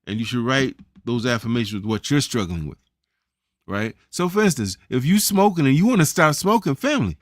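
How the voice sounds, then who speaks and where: A man's voice: medium pitch, sing-song, fairly quick, a bit bright, dry recording, studio quality. A man giving a motivational self-help talk, preaching in a casual, persuasive way, often asking "right?" and calling his listeners family. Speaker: empowerment coach.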